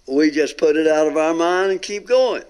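A man gives his testimony with earnest emphasis. He draws out key words and his voice sits fairly high for a man. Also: a little mellow, clean tone. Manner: earnest storyteller, drawn-out emphatic phrases. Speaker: guest telling a near-death experience. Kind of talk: recorded testimony talk.

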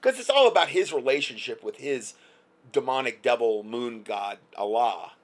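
A man's voice: mid-range voice, animated, moderate pace. A male commentator delivering a heated, sarcastic opinion rant, stumbling through repeated restarts.

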